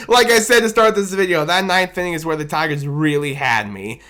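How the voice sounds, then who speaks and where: A man giving a casual, animated recap of his team's loss as a fan commentator, self-deprecating and rambling, talking into a desk microphone. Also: sits high, normal speed, clear, resonant tone. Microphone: desk microphone on camera.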